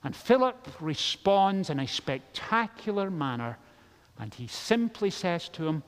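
A man preaching a sermon as pastor, telling the story in a lively way and acting out the characters' lines. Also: high voice, unhurried. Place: large church. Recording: long church reverb.

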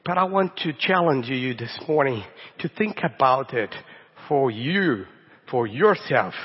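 A middle-aged Brazilian man preaches in English with a clear Brazilian Portuguese accent, warm and halting, often stumbling over his opening words. His voice is slightly husky, and the recording is dull and lo-fi, with a long church-hall echo trailing each phrase. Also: fairly high pitch, expressive. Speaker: guest pastor. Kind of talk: sermon. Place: church sanctuary.

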